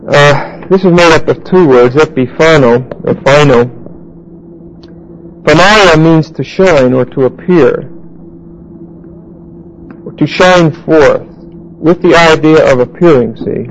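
A man teaching a Bible class verse by verse, halting with fillers and restarts and putting questions to his listeners. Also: a little high, a little hiss or hum, low-quality recording.

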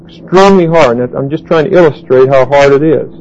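A man teaching a Bible lesson, explaining Greek grammar deliberately and spelling out words as he writes them on a board. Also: mid-range voice, darkish tone, highs cut off, slight background noise. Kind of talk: Bible study lecture.

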